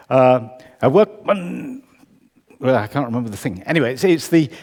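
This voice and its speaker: A man from the UK giving a conversational, wry lecture as a composer, often correcting himself. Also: fairly high pitch. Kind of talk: public lecture. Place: concert hall. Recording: reverberant hall.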